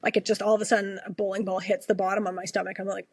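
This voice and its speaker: A woman's voice: mid-range voice, little pitch movement, fast, few pauses, no echo. A woman from Canada, an ER nurse, telling a personal story as a podcast guest in an earnest way, often restarting and repeating herself. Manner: earnest, frequent self-restarts, repeats her questions.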